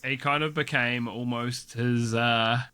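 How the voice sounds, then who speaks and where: A man's voice: medium pitch, steady tone, measured pace, bright, forceful tone, smooth. A man chatting casually as a podcast co-host, swearing freely, laughing often and restarting his sentences. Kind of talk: casual chat.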